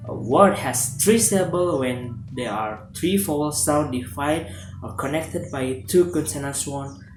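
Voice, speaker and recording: A male student reads out a phonology lesson for a class presentation, in a mid-range voice. His delivery is steady and scripted with occasional stumbles and restarts, while the room adds echo and faint music plays beneath.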